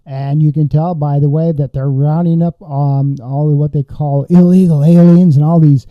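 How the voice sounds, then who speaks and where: Guy hosting a political podcast, fired up and indignant, voice a bit high, kinda dull dry lo-fi sound. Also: steady tone, moderate pace, no echo. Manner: indignant, reads quotes then comments with outrage. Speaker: podcast host. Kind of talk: political commentary reading news aloud.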